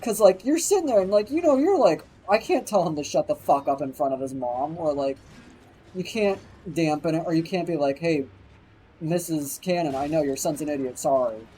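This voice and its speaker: A man casually recounts a meandering anecdote on a stream, livening it with quoted voices and swearing all the while. His voice is a little high and moderately paced, with slight background noise on a low-quality recording.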